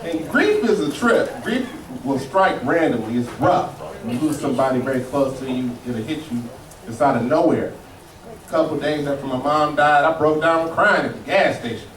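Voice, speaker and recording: Here a man with a fairly high, lively voice and moderate pace works a comedy club crowd. His loose, foul-mouthed stories swing from somber to scornful, and the roomy, far-off recording picks up heavy audience noise.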